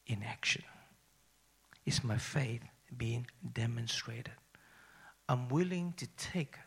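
A middle-aged man from Malaysia, a pastor telling his own story in a sermon, dropping to whispers and rising to excited highs. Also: gravelly, slightly rough. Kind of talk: sermon testimony.

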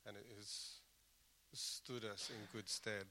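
Bright-voiced man preaching a sermon. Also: on the low side, fairly even intonation, slow pace. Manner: earnest, conversational with self-deprecating asides. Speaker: pastor.

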